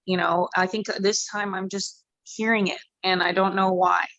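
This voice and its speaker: A woman mixed martial artist chats casually as an interview guest, rambling and candid, letting the odd swear word slip. Her pitch sits in an ordinary middle range. The recording is dry and close, with no room echo. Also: fairly even intonation, moderate pace, fairly bright tone, muffled recording. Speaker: MMA fighter guest.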